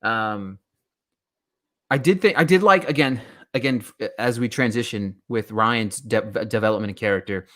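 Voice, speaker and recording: A man co-hosting a podcast, walking through a TV episode in relaxed casual chat, with frequent laughs and "um" and "you know.". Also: fairly low pitch, moderate pace. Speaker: podcast co-host. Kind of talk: casual chat recapping a TV show.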